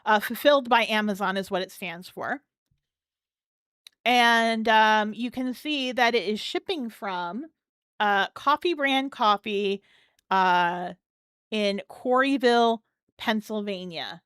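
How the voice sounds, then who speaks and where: A woman's voice: medium pitch, slow, fairly bright tone, clean tone, dry recording, clean studio sound. A woman hosting a live stream, chatting casually and thanking viewers as she comments. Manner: chatty, keeps thanking chat supporters.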